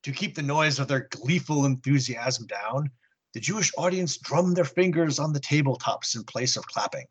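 Husky-voiced man recapping a war comic. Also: medium pitch, normal speed, a bit bright. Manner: earnest storyteller with wry asides. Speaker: podcast host. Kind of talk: casual comic book recap.

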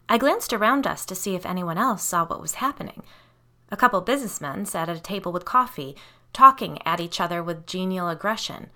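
A woman's voice: on the low side, bright, forceful tone. A woman reading a first-person story aloud in a conversational way, with asides to her listeners.

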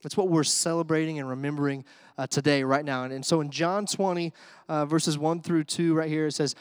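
A man preaching an Easter sermon in a conversational way, with asides and fillers, swinging from hushed to excited. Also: a little high, brisk, clean tone, no room sound, studio quality. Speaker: pastor.

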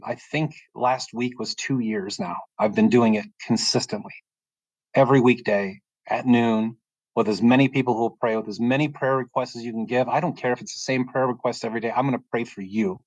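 A middle-aged man from the United States telling a personal faith testimony in a calm, soft-spoken way, often pausing and restarting as he gets emotional. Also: medium pitch, dry recording, lo-fi sound. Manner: halting and emotional, frequent restarts. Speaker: podcast guest sharing testimony. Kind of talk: personal testimony, casual storytelling.

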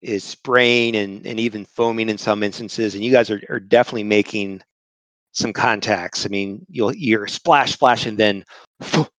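A man narrating a tabletop game as game master, talking haltingly with many restarts while he describes the scene. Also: lowish voice, a bit bright, dry recording, low-quality recording.

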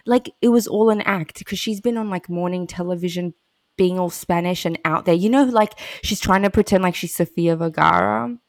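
A woman's voice: lowish voice, moderate pace, gravelly, no room sound, clean studio sound. A woman chatting casually and gossiping, her talk full of "like" fillers; her first language is Russian. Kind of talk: casual podcast chat.

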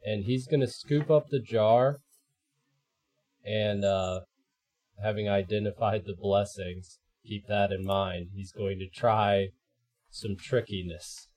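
A man playing a tabletop game, deliberately describing what his character does. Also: fairly low pitch, fairly even intonation, darkish tone. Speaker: player. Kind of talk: casual tabletop play.

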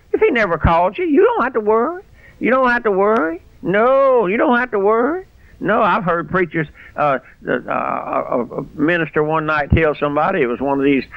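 An older man preaching a radio sermon as pastor, fiery and rising to shouts on key phrases. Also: a little high, gravelly, no room sound. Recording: dry, dull radio broadcast sound.

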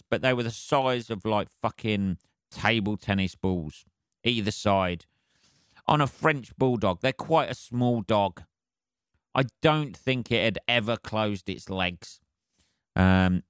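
Male podcast host, mid-pitched, sweary rambling monologue, dry sound. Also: a bit bright, clear, resonant tone, dry recording. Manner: rambling, heavy swearing, laughs at his own jokes. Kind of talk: casual solo podcast monologue.

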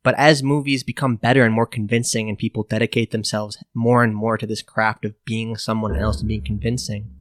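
A man guesting on a podcast, chatting casually in a giggly, teasing way with halting starts. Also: on the low side, flat delivery, no echo, clean studio sound. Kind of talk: casual chat.

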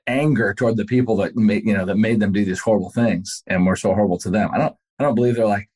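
A man's voice: lowish voice, steady tone, fast, darkish tone, breathy edge. A man, a pastor and podcast guest, telling a story in casual conversation and speaking earnestly and directly to the listener.

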